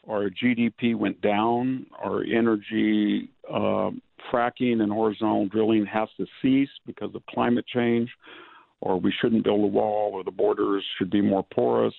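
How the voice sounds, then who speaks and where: Older male guest, low gravelly voice, thin phone-line sound, analytical interview talk. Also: no room sound. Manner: measured, analytical, digressive. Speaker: guest, historian and author. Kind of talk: political interview. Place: rural California. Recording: dry phone-line audio.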